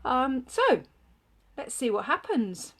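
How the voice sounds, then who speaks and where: Slow, chatty woman crafting live. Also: high voice, very animated, fairly bright tone. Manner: chatty, thinks aloud while working; greets viewers by name. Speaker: papercraft demonstrator. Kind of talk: live-streamed craft tutorial.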